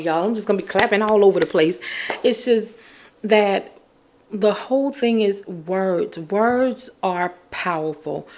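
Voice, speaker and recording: A woman hosting a podcast, talking in an emphatic, encouraging way and repeating her key phrases. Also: mid-range voice. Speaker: podcast host. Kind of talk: casual motivational talk.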